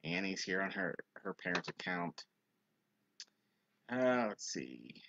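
A man's voice: slow, slight background noise. A young man, a youth minister, telling a funny story in a casual livestream chat and reading viewer comments. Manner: animated storyteller, high-pitched quoted voices. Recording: dull lo-fi livestream audio.

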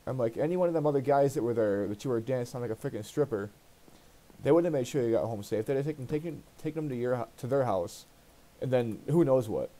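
A man with a dark, mellow voice at an ordinary middle pitch chats into his gaming mic. He retells a personal grievance in a loose, rambling way, swearing freely and sounding put out. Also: fast. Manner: rambling, profane, aggrieved retelling. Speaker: let's play host. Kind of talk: casual storytelling while gaming.

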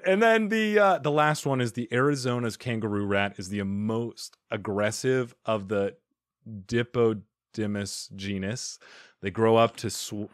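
A man's voice: fairly low pitch, no room sound, clean studio sound. A man hosting a podcast, chatting casually and playfully quizzing his guest, laughing often. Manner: animated, laughs often, playful quiz-giving. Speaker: podcast host. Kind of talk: casual interview chat.

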